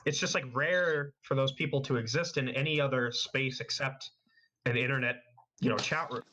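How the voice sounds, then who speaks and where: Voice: mid-range voice, moderate pace, pushed and bright, dull audio. A speaker in casual group voice chat who rambles and fills the talk with "like". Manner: rambling, full of "like". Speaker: voice chat participant.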